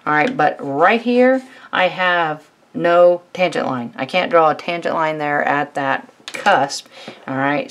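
Low-voiced woman teaching math. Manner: steady, fills pauses with "all right". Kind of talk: whiteboard math tutorial.

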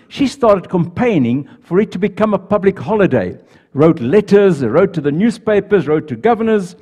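A man's voice: fairly high pitch, mellow. A male pastor giving a sermon and leading prayer in a church, earnest, with small restarts. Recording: reverberant church hall.

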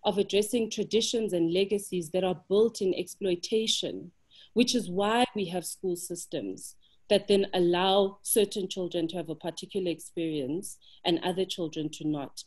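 A woman's voice: fairly low pitch, normal speed, darkish tone. A South African woman speaking as a panelist in a webinar discussion, impassioned and emphatic, building her points with rhetorical questions over a video call.

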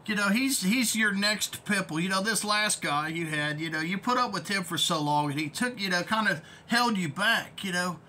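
A man's voice: high voice, moderate pace, few pauses, pushed and bright, slight background noise. A man ranting in a vlog as an online commentator, profane, rambling and heated.

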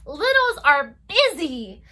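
A woman's voice: sits high, very animated, slow, pushed and bright. A young adult woman, a children's librarian leading a baby story time with rhymes and a picture book, talking in a playful, exaggerated sing-song with gasps and whispers.

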